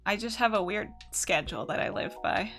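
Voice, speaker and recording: Chatty young woman streaming, lively voice. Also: medium pitch, a little fast, soft background music. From United States. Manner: chatty and profane, answering chat. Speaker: art streamer. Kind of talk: casual live-stream chat.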